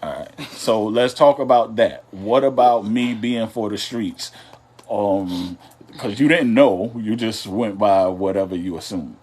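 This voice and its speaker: A man's voice: lowish voice, a little slow, darkish tone, husky. A man co-hosting a live couples talk show, chatting casually in a loose, drawling and teasing way. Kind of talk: casual live-stream chat.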